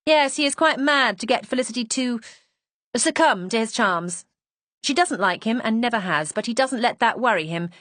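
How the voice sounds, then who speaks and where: Frank, defiant young woman, voiced by a woman narrator, pitched up, dry close read. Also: animated, moderate pace, a bit bright, dry recording. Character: defiant, self-assured young woman caught stealing.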